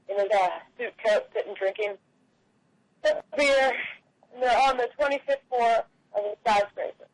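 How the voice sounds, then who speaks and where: A woman's voice: a little high, no echo, low-quality recording. Woman telling jokes in a dry room. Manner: loose, halting storytelling. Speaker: stand-up comic. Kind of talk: telling jokes at an open mic.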